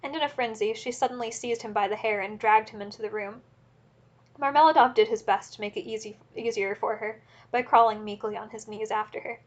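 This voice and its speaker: A woman narrating a classic novel as an audiobook in a steady, measured reading. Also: a little high.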